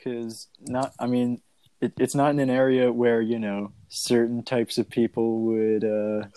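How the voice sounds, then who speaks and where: A young man in casual podcast chat, hesitant and halting, with many restarts. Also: mid-range voice, level tone, mellow, clean tone, dry recording.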